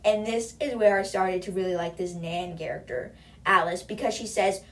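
A young woman hosts a relaxed book-recap podcast, talking in a loose, slangy way full of fillers. Her voice sits at a middle pitch for a woman and comes across from a little way back from the microphone. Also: normal speed. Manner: chatty, slangy, many "like"s. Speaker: podcast host. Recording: voice a bit distant from the mic.

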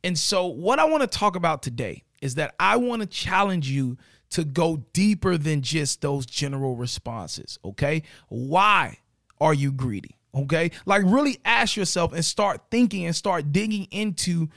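A man hosting a motivational podcast in a casual, energetic way, often tagging his points with "right?". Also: fairly high pitch, moderate pace, no echo, clean studio sound. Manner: energetic, conversational, keeps asking "right?". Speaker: podcast host. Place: home studio in South Florida.

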